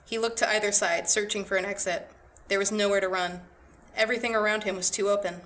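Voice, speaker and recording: A woman, the author, reading her own short story aloud in steady scripted narration. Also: medium pitch, fast.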